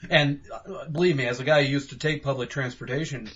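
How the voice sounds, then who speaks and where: A man's voice: medium pitch, a little fast, lo-fi sound. A man co-hosting a casual horror podcast, joking around and acting out silly voices. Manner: jokey, acts out silly shouted voices. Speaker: podcast co-host.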